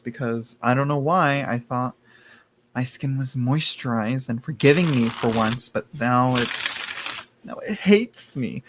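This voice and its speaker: A man's voice: mid-range voice, slight background noise. A man doing a live tarot reading stream, chatty and campy, laughing often and calling viewers "girl". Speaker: tarot reader.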